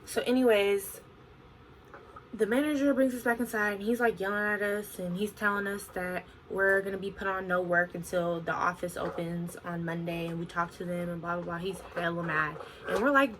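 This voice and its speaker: Bright-voiced young woman storyteller. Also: medium pitch, normal speed, slight background noise, poor audio. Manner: animated, expressive retelling with frequent "like". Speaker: vlogger. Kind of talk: casual storytime vlog.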